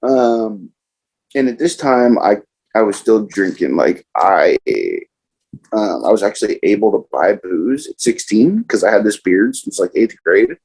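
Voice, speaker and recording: A young man casually telling a profane personal story, animated and acting out other people's lines. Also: lowish voice, measured pace, slightly rough, low-quality recording. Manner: profane, animated, quotes others in raised voices.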